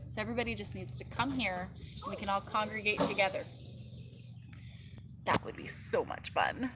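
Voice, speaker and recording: A woman's voice: medium pitch, moderate pace, noisy background. A woman hosting a casual live stream as a mother, chatting and rambling with lots of filler words, outdoors in her yard. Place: outdoors in a backyard.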